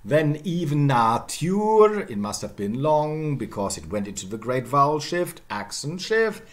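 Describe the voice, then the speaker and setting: A man giving a university lecture on historical phonology, slowly demonstrating word pronunciations and checking in with "okay?". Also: mid-range voice, sing-song. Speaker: linguistics professor.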